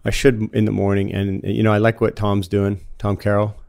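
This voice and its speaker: Low-ish voiced guy in his 50s from florida, laid back, just chatting and telling stories. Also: moderate pace, creaky. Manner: relaxed and chatty, laughs easily while telling anecdotes. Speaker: guest. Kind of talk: casual conversational storytelling.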